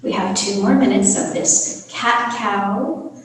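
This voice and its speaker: Slow, calm yoga teacher, roomy and distant. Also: female voice, medium pitch, slight background noise. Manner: slow, calm, soothing cues. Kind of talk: guided yoga class instruction. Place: home studio on a live video call. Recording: roomy echo from far off the mic.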